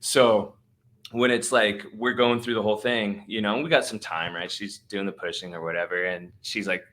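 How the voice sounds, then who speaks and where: Chill slangy podcast dude, kinda low voice, punchy bright tone, lots of likes and dudes. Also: male voice, steady tone, moderate pace. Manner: slangy, filler-heavy, laid-back. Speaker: podcast host. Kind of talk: casual storytelling.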